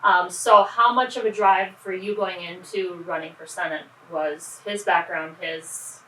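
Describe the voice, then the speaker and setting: A woman's voice: on the low side, fairly even intonation, unhurried, sharp tone. A woman hosting a casual interview, supportive and affirming toward her guest. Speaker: podcast host. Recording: roomy, distant mic, faint background noise.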